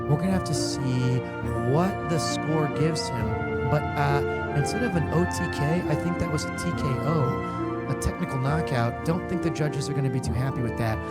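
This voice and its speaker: Male streamer, slightly high voice, joking play-by-play commentator. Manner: playful, hyped, riffing. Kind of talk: joking mock sports commentary.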